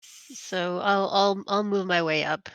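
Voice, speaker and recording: A woman's voice: medium pitch, steady tone, takes it slowly, fairly bright tone, clear, resonant tone, no echo. A woman playing a tabletop game, speaking in a hesitant, stammering way. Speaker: player.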